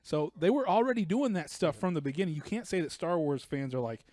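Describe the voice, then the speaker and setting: A man's voice: on the high side, lively intonation, brisk, a little mellow, dry recording. Earnest man explaining, dry close sound. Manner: earnest, explains points at length. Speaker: podcast co-host. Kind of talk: casual comedic chat.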